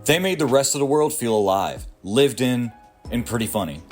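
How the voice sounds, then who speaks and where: A man's voice: medium pitch, animated, normal speed, darkish tone, soft background music. A man in his thirties reading a scripted video essay about strategy games, sardonic and crude, with punchy asides. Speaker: gaming video creator.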